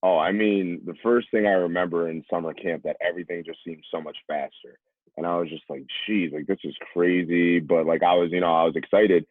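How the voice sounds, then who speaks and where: A man's voice: sits low, steady tone, brisk, no echo. A young man from New York telling stories as a podcast guest, acting out the voices of people he quotes. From New York, USA. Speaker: podcast guest, former college running back. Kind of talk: casual storytelling. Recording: tinny phone-like remote line, dry.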